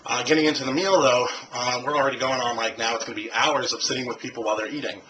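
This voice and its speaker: A man's voice: medium pitch, steady tone, quick pace, sharp tone, a little hiss or hum, rough recording. A man vlogging in a rambling, casual way, full of fillers and restarts, recorded on a handheld camcorder. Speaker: video blogger. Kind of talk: casual vlog monologue. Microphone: handheld camcorder mic.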